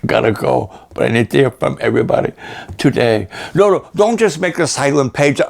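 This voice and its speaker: A man's voice: on the high side, lively intonation, moderate pace, creaky, a little mellow. An older man, a pastor, delivering a fundraising sermon with an emphatic, urgent, pleading delivery.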